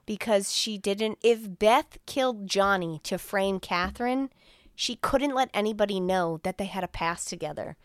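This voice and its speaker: A woman's voice: medium pitch, normal speed, clean tone, no echo, studio quality. A woman co-hosting a podcast, retelling a movie plot in casual chat, acting out the characters' lines with plenty of swearing. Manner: animated recap with quoted dialogue, frequent swearing and laughs.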